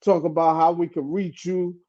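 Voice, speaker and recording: This man is a podcast co-host who speaks casually and stumbles through his fillers. His voice is fairly high but dark in tone, and it comes through a dull lo-fi recording. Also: little pitch movement, normal speed. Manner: hesitant, full of "you know, um". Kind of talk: casual chat.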